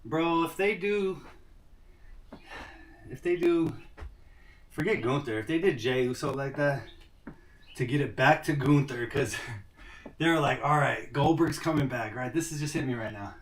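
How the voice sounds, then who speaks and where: A man's voice: on the high side, lively intonation, a little slow, long pauses. A man talks loosely to his live stream viewers, calling out their names and rambling between thoughts. He sounds a little winded, and his voice comes from some distance off the mic with a faint hiss behind it. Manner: chatty, addresses viewers by name, rambling. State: out of breath after push-ups. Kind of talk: casual IRL livestream chat. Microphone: camera mic without lapel mics.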